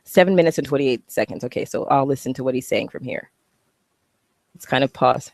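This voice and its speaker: A woman's voice: very deep voice, brisk, darkish tone, dry recording. A woman giving a heated, profane, sarcastic rant while reacting to a video. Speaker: online commentator. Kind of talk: ranting reaction commentary.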